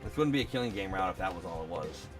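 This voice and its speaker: A man's voice: deep voice, lively intonation, quick pace. A man streaming, reading a visual novel aloud with sardonic asides. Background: game music.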